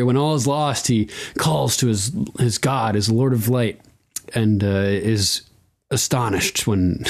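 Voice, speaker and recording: A man casually recapping a TV episode on a podcast, with loose, profane asides, laughs, and quick acted-out quotes. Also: mid-range voice. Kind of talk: casual chat.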